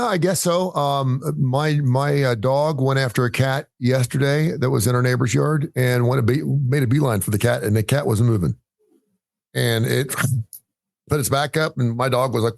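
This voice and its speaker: A man's voice: medium pitch, normal speed, creaky, dry recording. A man hosting a radio show, chatting casually and easygoingly with his guest. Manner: easygoing, chatty, laughs along.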